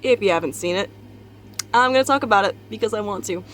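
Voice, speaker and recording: A woman's voice: medium pitch, quick pace. Young woman, casual confessional vlog, candid rambling, tired, bedroom, faint background hum. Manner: rambling, candid, frequent swearing and laughter. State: tired, just out of bed. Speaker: vlogger. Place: bedroom at home.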